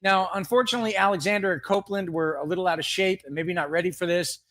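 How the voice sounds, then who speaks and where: A man's voice: high voice, fast, a bit bright. A man co-hosting a live comedy fake-news segment, rambling through jokes and laughing at his own gags. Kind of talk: mock newscast banter.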